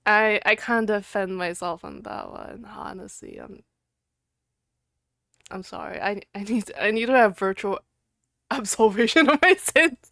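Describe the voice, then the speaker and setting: A woman streaming live, chatting casually with viewers, giggling and breaking into loud outbursts, then muttering to herself while she clicks around. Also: medium pitch, a little slow, vocal fry, dry recording, clean studio sound.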